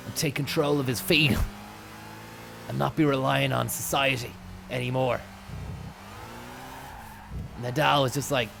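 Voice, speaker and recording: A young Irish man rambling through an absurd, profane comic monologue in a deadpan way. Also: medium pitch, gravelly, background noise. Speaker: comic storyteller.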